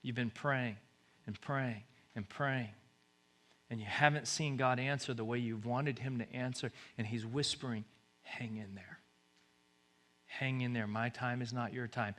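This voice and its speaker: Male pastor preaching, tense and bright tone, moves between loud scripture reading and near-whispered pleas, stumbles and restarts. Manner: swings from booming reading to hushed, soft-spoken appeals; stumbles and repeats words when pressing a point. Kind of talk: sermon.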